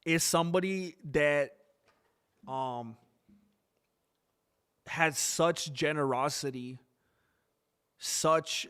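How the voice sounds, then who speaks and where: A man hosting a live stream, reacting to a fight broadcast in a chatty, excitable, joking way and talking straight to his viewers. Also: a little high, smooth. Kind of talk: casual live-stream commentary.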